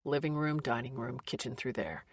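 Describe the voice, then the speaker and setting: A man's voice: medium pitch, animated, moderate pace, breathy edge, dry recording, studio quality, pitched below the performer's own voice. A woman voicing an exasperated teenage boy who grumbles his lines. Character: flustered teenage boy with glasses.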